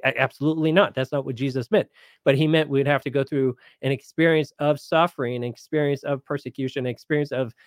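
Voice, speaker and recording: A male Bible teacher hosts a live question show, explaining verses casually and conversationally and paraphrasing scripture in everyday language. His voice is mid-range, and the recording is dry with clean studio sound.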